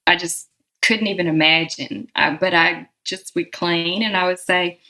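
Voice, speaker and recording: A woman with a Southern American accent, speaking as a guest in a relaxed, reflective interview and laughing often. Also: lowish voice, a little slow, rough recording. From Southern United States. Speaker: guest musician.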